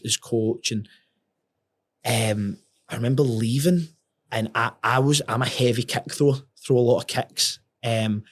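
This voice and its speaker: A young man speaking as a podcast guest, with a mid-pitched voice. He tells his story in a casual, animated way. He swears often and stumbles over repeated words.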